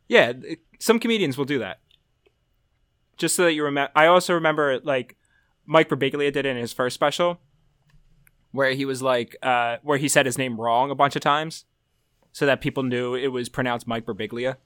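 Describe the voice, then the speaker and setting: A man co-hosting a podcast in casual chat, animated and chuckling, slipping into impressions. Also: medium pitch, moderate pace, long pauses, smooth, no echo, clean studio sound. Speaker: podcast co-host.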